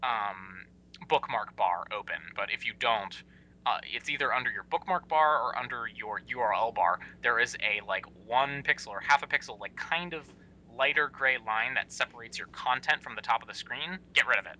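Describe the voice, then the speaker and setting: A young man co-hosting a podcast in casual chat, animated and full of fillers. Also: normal speed, slight background noise, rough recording. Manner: animated, lively, with many fillers and sudden pitch jumps. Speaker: podcast co-host.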